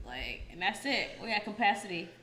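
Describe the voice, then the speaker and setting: A woman's voice: mid-range voice, very animated, brisk, a loud crowd. A woman from Virginia co-hosting a podcast in casual, slangy chat, laughing often and talking over a computer setup. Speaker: podcast co-host. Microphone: webcam and computer setup.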